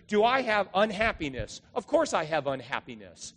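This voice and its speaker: A middle-aged male pastor preaching a sermon, telling stories and acting out the voices with drawn-out dramatic lines. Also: high-pitched, sing-song, a bit bright. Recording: long hall reverb.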